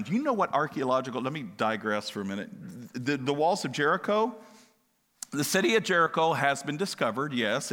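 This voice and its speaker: A man delivers a sermon in a bright, fairly high voice. He keeps it conversational, firing questions at his listeners and drifting into asides. A long reverb from the hall hangs behind every word. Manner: conversational, asks the congregation questions, digresses. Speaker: pastor.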